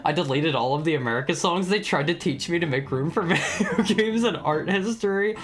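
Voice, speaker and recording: A man's voice: on the high side, brisk, fairly bright tone, faint music behind. A young man streaming from home, chatting casually with his chat, stammering and laughing often as he reads messages. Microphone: studio microphone.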